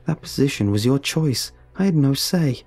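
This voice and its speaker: A man's voice: medium pitch, expressive, moderate pace, a little mellow, breathy edge, soft background music, pitched above the performer's own voice. A man doing a hostile council elder, spitting accusations. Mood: accusing. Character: accusing male village council member, hostile. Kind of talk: audiobook reading.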